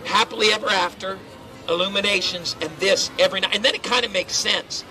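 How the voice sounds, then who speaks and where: Brief: middle-aged man, high-ish voice, loud and joking pre-show crowd warm-up, outdoors, handheld amplifier. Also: steady tone, a little fast, faint music behind, low-quality recording. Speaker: theme park crowd-control cast member. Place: outdoors at a theme park show area.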